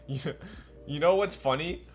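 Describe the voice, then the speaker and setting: A man's voice: fairly high pitch, background noise. A young man streaming live, chatting casually and joking at his own expense while building a keyboard and answering his chat. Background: faint music.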